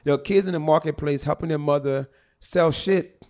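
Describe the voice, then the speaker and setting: A man's voice: a little high, moderate pace. A middle-aged man from Ghana, a comedian telling profane, jokey stories in casual chat. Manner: animated, profane, jokey storyteller. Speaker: comedian guest.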